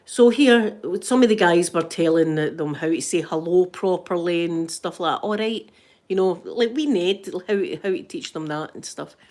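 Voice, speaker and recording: A woman's voice: fairly low pitch, moderate pace, a little mellow. A middle-aged Scottish woman chatting on a livestream, telling stories with lots of restarts and laughs. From Scotland. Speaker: livestream host. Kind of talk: casual chat reading live comments.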